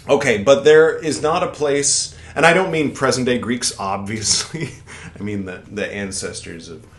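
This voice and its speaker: In an echoey room with a little background noise, a podcast host reads from an old text and wanders off into casual, sweary, irreverent tangents, quoting passages in mock-dramatic voices. His pitch is medium, his tone fairly bright, and he speaks a little slowly.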